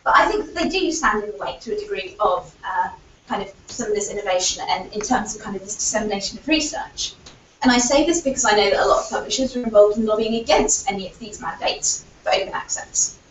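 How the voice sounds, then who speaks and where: A woman's voice: mid-range voice, lively intonation, quick pace, a bit bright, slight background noise. A woman giving an earnest conference presentation, arguing her points with frequent fillers, her voice still recovering. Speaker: conference speaker. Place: lecture hall. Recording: echoey hall, distant, dull lo-fi audio.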